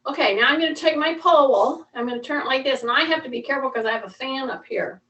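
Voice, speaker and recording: A woman's voice: sits high, fast, sharp tone, muffled recording. A woman fitness instructor leading a live mobility class, giving patient, repeated coaching cues. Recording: echoey room, voice from far off.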